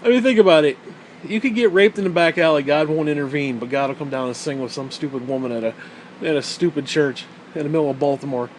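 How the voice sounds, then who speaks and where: A young man rants through a story in a casual, rambling way, swearing freely and mocking with a laugh. His voice sits a touch high for a man. A faint hum runs behind him. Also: quick pace.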